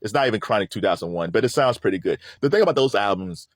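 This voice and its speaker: A middle-aged man hosting a casual pop-culture commentary, animated and rambling, laughing often. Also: fairly low pitch, quick pace, dry recording, clean studio sound. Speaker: host.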